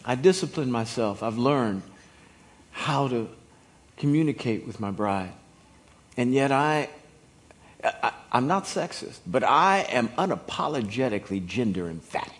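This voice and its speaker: A man in his fifties preaching a sermon in an emphatic, folksy way that rises to shouts. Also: medium pitch, animated, measured pace. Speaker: pastor.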